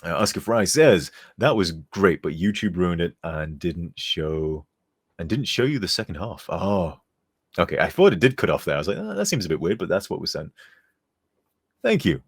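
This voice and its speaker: A tired game modder rambles and chuckles on a casual live stream, reading chat aloud and sometimes turning away from his desk mic. His voice is low and husky, very animated, at a moderate pace.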